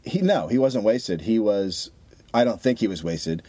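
Low-ish and a little slow, this man's voice comes through with no echo. He's a podcast co-host spinning a story in loose, profane conversation, animatedly performing what others said.

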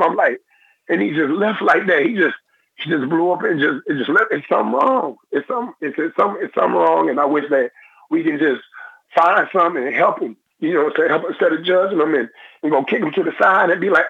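A young man, a former football player, talking in a phone-in interview in halting, repetitive phrases. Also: on the high side, gravelly, slightly rough, no echo. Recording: tinny phone line.

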